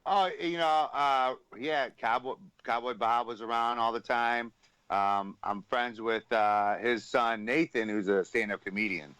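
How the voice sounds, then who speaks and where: A man's voice: mid-range voice, fairly even intonation, unhurried, fairly bright tone, smooth, no echo. Guy hosting a radio talk show, swears a lot, laughing through stories, dry sound. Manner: crude, laughing storyteller. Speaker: radio host. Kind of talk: casual radio chat.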